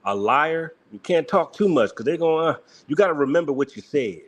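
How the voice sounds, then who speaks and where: A man's voice: on the high side, animated, fairly quick. A man hosting a reaction commentary, talking emphatically and often breaking into mocking laughter. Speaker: host.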